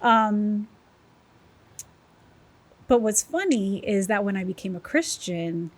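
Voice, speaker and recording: A woman's voice: mid-range voice, moderate pace. Woman, podcast guest, candid, emotional, personal testimony. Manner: candid, emotional, animated storytelling.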